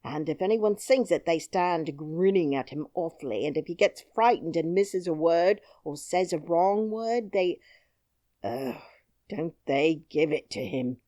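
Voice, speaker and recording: A woman's voice: lowish voice, a little slow, mellow, no echo, clean studio sound, natural voice. A woman voicing a brave, cheerful twelve-year-old miner boy who talks boldly and plainly. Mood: frank. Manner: bold, singing taunts, plain-spoken.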